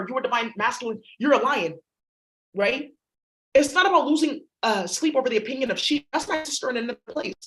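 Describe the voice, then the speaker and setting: A woman with a fairly high voice talks through a spiritual reading. She rambles, swears freely, and hammers her points home bluntly. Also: a bit bright, low-quality recording. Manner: blunt, profane, rambling and emphatic. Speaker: astrology reader. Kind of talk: casual spiritual reading monologue.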